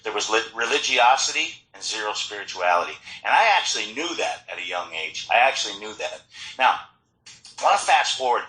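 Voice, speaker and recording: Man sharing his story at a meeting. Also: lowish voice. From Florida. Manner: storytelling, animated, frequent restarts. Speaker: recovery meeting speaker. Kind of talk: personal recovery talk. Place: meeting hall. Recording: echoey meeting hall.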